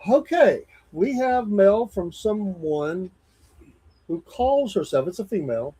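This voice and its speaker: A man's voice: high-pitched, animated, slow, warm tone, slightly rough. A man, co-hosting a casual podcast, easygoing and playful as he reads fan mail. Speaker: co-host.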